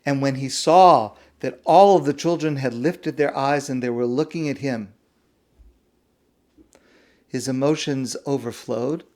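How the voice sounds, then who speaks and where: Soft-spoken rabbi telling a story. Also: male voice, mid-range voice. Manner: slow, hushed, with dramatic pauses. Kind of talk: sermon storytelling.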